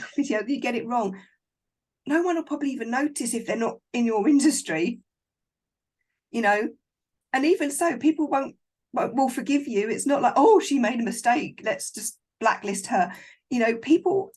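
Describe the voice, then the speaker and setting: A woman's voice: a little high, normal speed, a little mellow. A woman filmmaker, a guest in a casual interview, talking in a frank, encouraging and emphatic way over a video call.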